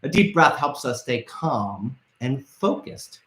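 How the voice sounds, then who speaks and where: A man's voice: mid-range voice, very animated, slow pace, sharp tone, reverberant. A man hosting a live trivia show for children, playful and theatrical, calling out to his viewers. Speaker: kids' trivia show host.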